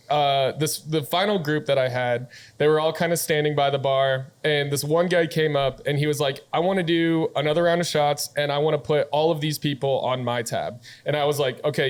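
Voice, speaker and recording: A young man, a bartender, telling a story with lots of swearing and laughter on a casual podcast. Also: fairly high pitch.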